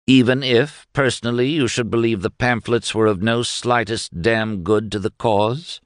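Suave rich plotter, smooth and condescending, dry close sound; a male narrator voices him. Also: mid-range voice, normal speed, no room sound, pitched above the performer's own voice, lightly acted. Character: suave wealthy male ex-economics teacher and plotter.

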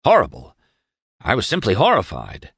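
A man's voice: fairly low pitch, huge pitch swings, normal speed, vocal fry, fairly bright tone, breathy edge, no room sound, studio quality, pitched above the performer's own voice, heavily acted. A man voicing a pompous, overly cordial young male lawyer with stiff, formal, senatorial speech in an audiobook reading.

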